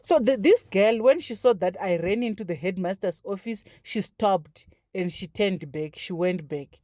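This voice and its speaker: Woman, 30s, casual storytime vlog, animated with fillers, mellow tone. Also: mid-range voice, normal speed, dry recording, studio quality. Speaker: vlogger. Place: home, braiding her daughter's hair.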